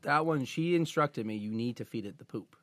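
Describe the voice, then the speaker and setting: A woman's voice: rumbling low, fairly quick. A woman co-hosting a podcast in casual chat, teasing and telling jokey stories. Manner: joking, teasing storyteller. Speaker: podcast co-host.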